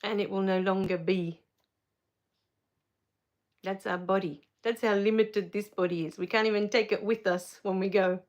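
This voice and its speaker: A woman hosting a spiritual live Q&A, reading viewer comments, soft-spoken and tender, quick to laugh and tear up. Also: medium pitch, fairly even intonation. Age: adult with a child. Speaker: spiritual live-stream host.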